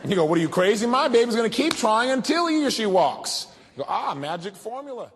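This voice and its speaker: Animated male seminar speaker in a reverberant hall. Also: sits high, fairly quick, some chatter behind. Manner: asks the audience questions, animated. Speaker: motivational speaker. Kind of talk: seminar talk to a live audience.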